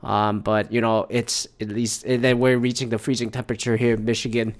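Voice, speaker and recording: A man with a mid-range, fairly flat voice talks a little fast on his casual solo podcast, recorded at home in Michigan on a podcast mic. He rambles, swears a lot, and keeps restarting his sentences.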